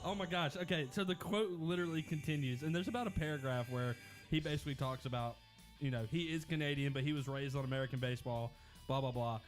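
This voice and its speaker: Animated young man mock-ranting on air. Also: on the high side, fast, soft background music. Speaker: radio show co-host. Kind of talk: casual radio banter.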